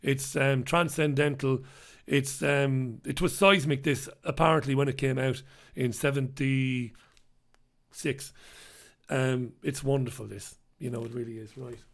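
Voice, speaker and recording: A man's voice: medium pitch, fairly even intonation, a little slow. A man with a British accent hosting a live stream, chatting casually and rambling as he reads viewer comments aloud. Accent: British English. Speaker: host.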